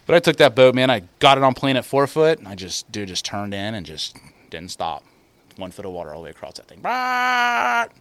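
Low-voiced man telling rambling fishing stories. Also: fast, a bit bright. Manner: loose, profane storytelling with many restarts and fillers. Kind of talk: casual podcast chat.

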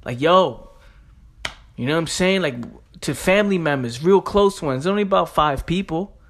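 New guy going off on his podcast, slangy and intense, kinda high voice. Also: normal speed, fairly bright tone. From New York. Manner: emphatic, street slang, repeats phrases. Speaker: podcast host. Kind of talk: motivational podcast monologue.

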